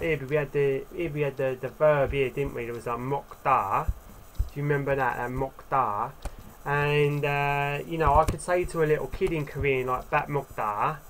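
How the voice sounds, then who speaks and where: A man giving a casual video lesson, explaining things loosely with many fillers and tag questions, and sounding out example words slowly. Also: fairly high pitch, fairly bright tone, slight background noise. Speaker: Korean language teacher.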